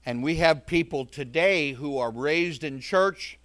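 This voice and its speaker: A man's voice: a little high, unhurried, a bit bright, no echo. A man preaching a verse-by-verse sermon, earnest and emphatic, breaking off into conversational asides.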